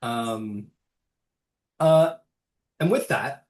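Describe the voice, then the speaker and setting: Slow, rambling game master man, distant. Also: mid-range voice, expressive. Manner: loose, rambling narration with many fillers and swearing. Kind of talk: narrating a tabletop game. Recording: roomy, distant mic.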